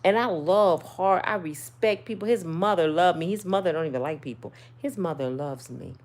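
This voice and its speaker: Animated, sassy woman telling a story. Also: on the low side, moderate pace. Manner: animated, sassy, swings between loud and soft. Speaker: channel host. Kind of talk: casual storytelling to viewers.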